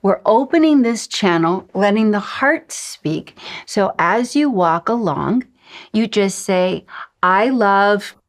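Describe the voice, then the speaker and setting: A woman teaching a lesson on intuition, speaking in an unhurried coaching manner with drawn-out pauses and soft sighs. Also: medium pitch, expressive. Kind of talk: spoken lesson.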